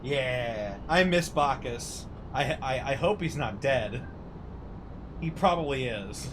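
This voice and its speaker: A man's voice: mid-range voice, slow. A young man streaming a game, chatting casually and joking between scenes. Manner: joking, lively. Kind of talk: casual gaming commentary. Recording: noisy stream audio.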